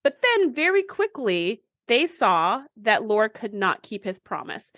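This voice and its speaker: Animated woman recapping with acted-out lines. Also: on the high side, unhurried, dry recording, clean studio sound. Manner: animated storyteller acting out characters' lines. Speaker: podcast co-host. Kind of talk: casual recap chat.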